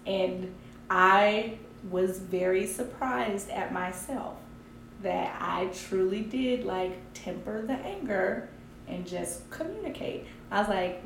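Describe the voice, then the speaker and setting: A woman co-hosting a relaxed chat podcast, her voice at an ordinary mid pitch. She swings between animated laughter and a calm, explanatory tone. The room adds a noticeable echo, with a faint ambient hum underneath. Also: vocal fry. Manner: animated, frequent laughter, measured when explaining. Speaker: podcast co-host. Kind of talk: casual chat.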